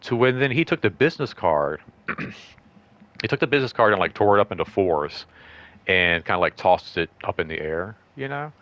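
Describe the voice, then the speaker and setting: A man hosting his own show, telling a story in a loose, rambling way, full of fillers, and acting out quoted lines in a higher voice. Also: big pitch swings, moderate pace, a bit bright. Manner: rambling, full of "like" and "you know"; acts out quoted speech in raised voice. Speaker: show host. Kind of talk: casual storytelling vlog.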